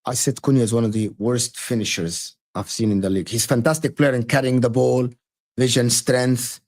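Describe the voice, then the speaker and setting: A man's voice: medium pitch, fairly even intonation, brisk, darkish tone. A man co-hosting a casual football livestream, giving blunt opinions on players. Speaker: football stream co-host.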